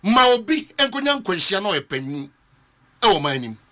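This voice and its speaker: A Ghanaian man delivers fervent talk-show commentary in a strikingly high, very bright voice. His pitch leaps and dips as he argues, and he drives each point home by repeating it. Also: big pitch swings, a little fast. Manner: fervent, rhetorical, repeats phrases for emphasis. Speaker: political commentator.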